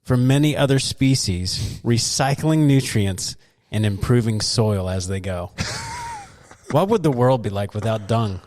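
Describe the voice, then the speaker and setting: A man co-hosting a podcast in casual chat, playful and quick to laugh, reading out news items. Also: lowish voice, animated, a little mellow, a little hiss or hum. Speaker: podcast co-host.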